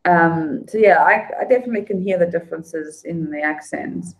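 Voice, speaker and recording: A woman's voice: on the low side, normal speed, rough recording. A woman chatting casually on a livestream, greeting viewers by name. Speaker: livestream host. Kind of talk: casual livestream chat, reading viewer comments.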